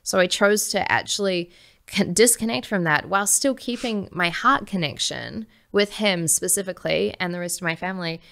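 A woman guest on a podcast, telling a personal story in a lively way, laughing often and acting out the voices she quotes. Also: on the low side, moderate pace, gravelly.

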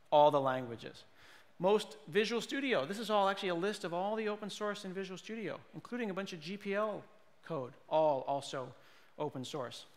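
Male conference speaker, playful comic delivery, slightly high pitch, hall reverb. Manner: animated, jokey, mimics people with put-on voices. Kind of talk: comedic tech keynote.

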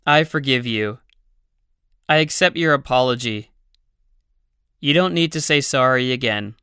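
A reader slowly and deliberately voicing English classroom phrases for a language-learning audio book, pausing between each one. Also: mid-range voice, bright, forceful tone, clean tone, dry recording, studio quality. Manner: slow, deliberate reading with pauses between phrases.

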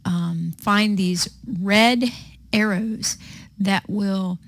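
A woman teaching video editing in a patient, step-by-step way, with frequent pauses and ums. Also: medium pitch, steady tone. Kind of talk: screen-recorded software tutorial.

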